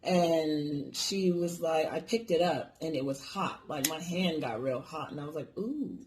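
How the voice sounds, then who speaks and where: A man's voice: fairly high pitch, measured pace, slight background noise. A man casually telling a personal story on his vlog, rambling and swearing freely. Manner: rambling, profane, lots of fillers.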